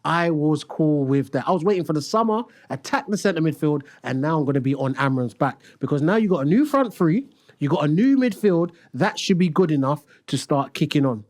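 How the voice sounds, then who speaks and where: A man's voice: on the high side, brisk. A young man, a podcast co-host ranting in casual football chat. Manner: animated, exasperated ranting.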